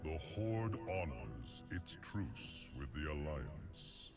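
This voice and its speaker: A solemn expedition leader in a video game. His voice is gravelly and slow, with much rise and fall. Loud game music fills the background. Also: rumbling low, sing-song, full character voice.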